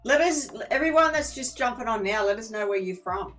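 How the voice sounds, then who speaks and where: An Australian woman co-hosts a live tarot stream in a relaxed, friendly way. She speaks in short remarks and warmly invites viewers to return. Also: a little high, fairly quick, soft background music. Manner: friendly, brief interjections, invites viewers to subscribe. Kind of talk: casual live-stream chat.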